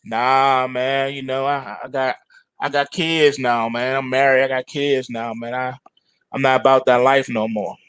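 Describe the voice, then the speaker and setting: A man's voice: medium pitch, fairly even intonation, unhurried, a bit bright, clean tone, no room sound, close to an everyday voice. A man voicing the silver market as a retired street hustler, turning down the old life in laid-back, dismissive slang.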